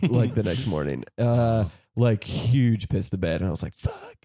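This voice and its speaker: Mellow, low-voiced man rambling through a story. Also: animated, moderate pace, husky, dry recording, studio quality. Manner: rambling, heavy use of "like", laughs through his story. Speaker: podcast guest. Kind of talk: casual comedic storytelling.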